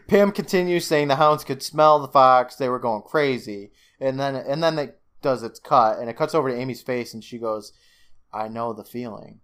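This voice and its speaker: A man's voice: medium pitch, a little slow, a bit bright. Guy on a podcast retelling an episode, swears a lot, laughs a lot. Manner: swears freely, laughs often, acts out quotes. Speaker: podcast co-host. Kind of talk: casual recap chat.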